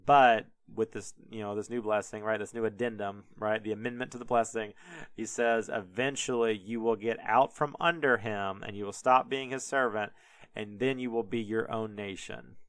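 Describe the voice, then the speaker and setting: A man's voice: fairly low pitch, steady tone, normal speed, clear, resonant tone, no room sound, lightly acted. A man voicing an old father who rambles sheepishly, close to his own voice. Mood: resigned.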